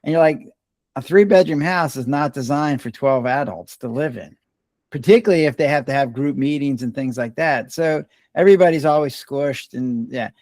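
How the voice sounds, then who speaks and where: An older man, a retired doctor and podcast guest, telling stories in a relaxed, rambling way and often restarting his words. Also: mid-range voice, moderate pace, no echo, clean studio sound. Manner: relaxed, rambling storyteller who restarts words mid-sentence. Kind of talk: casual storytelling conversation.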